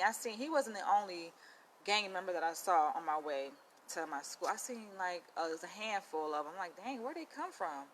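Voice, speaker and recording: A young woman in her twenties telling a story to camera in a chatty, animated way, with lots of "like" and "you know.". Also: fairly low pitch, slight background noise, rough recording. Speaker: vlogger.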